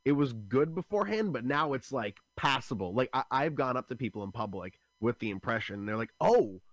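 Young comedian telling quick stories. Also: male voice, medium pitch, no echo. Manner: quick, animated storytelling with many restarts. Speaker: stand-up comedian, guest. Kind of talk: casual interview chat.

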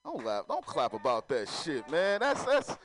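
A man's voice: mid-range voice, huge pitch swings, moderate pace, over music, low-quality recording. A man doing a stand-up comedy set, loose and swearing, talking straight to the crowd.

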